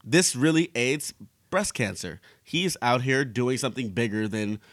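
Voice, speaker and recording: A man's voice: medium pitch, expressive, a little slow, fairly bright tone, dry recording. A man co-hosting a casual podcast, playful and joking with his friends. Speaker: podcast co-host. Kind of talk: casual chat.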